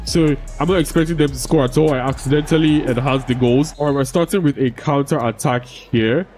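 A man's voice: mid-range voice, a little fast, a little mellow, faint music behind, low-quality recording. A young man giving casual, expletive-laden commentary over a football video game and ranting when the game frustrates him. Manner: swears freely, frustrated rants at the game. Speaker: gaming YouTuber.

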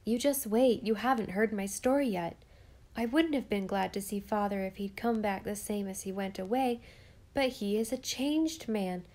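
A woman's voice: medium pitch, moderate pace, darkish tone, lightly acted. A woman reading the lines of a solemn, earnest young farm boy who talks in plain rustic speech. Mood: eager.

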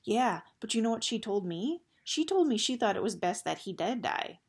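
A woman's voice: a little high, very animated, moderate pace, slightly rough, pitched above the performer's own voice, exaggerated voice. A woman voicing a stubborn, earnest young boy who talks in plain, blunt words. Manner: plain, blunt everyday speech.

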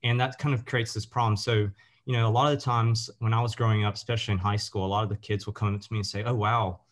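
A man's voice: lowish voice, flat delivery, quick pace. A young man from the United States, sharing a reflective comment during a discussion. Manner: reflective, many fillers. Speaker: audience participant.

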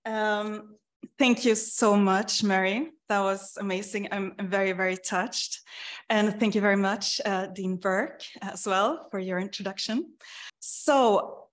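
A woman opening her talk at an academic symposium, measured and polite as she thanks her hosts. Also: mid-range voice, fairly even intonation. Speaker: guest speaker and organizer. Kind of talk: formal opening remarks. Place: lecture hall.

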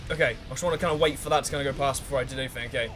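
A man provides excitable commentary on his own let's play, swearing freely, humming as he thinks, and shouting at the game characters. He talks rapid-fire in a mid-range voice.

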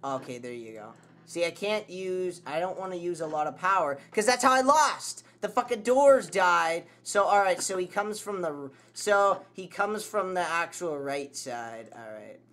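A man's voice: high-pitched, lively intonation, normal speed, fairly bright tone. A man commentating a horror game, swearing and yelping at scares. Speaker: gameplay commentator.

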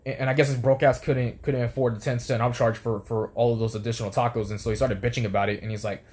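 A young man tells a story at a rapid clip, swearing freely and circling back on his own words in restarts. His pitch sits in an everyday middle range, and he sounds worked up and irritated throughout. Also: flat delivery, a little mellow. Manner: rambling, heated, lots of restarts and swearing. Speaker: former fast food worker. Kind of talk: profane storytelling rant.

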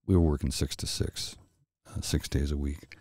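A middle-aged man hosting a soft-spoken ASMR chat, telling a rambling story slowly and with restarts, close to the mic. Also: extremely low pitch, flat delivery, slightly rough, no echo. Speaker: host.

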